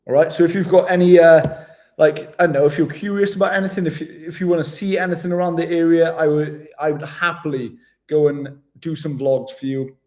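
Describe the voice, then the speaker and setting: A man's voice: a little high, steady tone, a little fast, a little mellow. Welsh guy on a laptop livestream, easygoing and slangy, chatting to his viewers. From Wales. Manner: laid-back, chatty, slangy, laughs often. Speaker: travel vlogger. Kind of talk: casual livestream chat reading comments.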